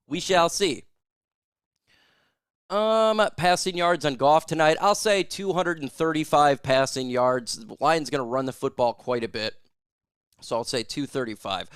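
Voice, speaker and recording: A man hosting a casual sports live stream, chatting with viewers and whooping loudly over super chats. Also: on the high side, unhurried, clean tone, dry recording, studio quality. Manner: loud, hype-driven, shouting whoops at super chats.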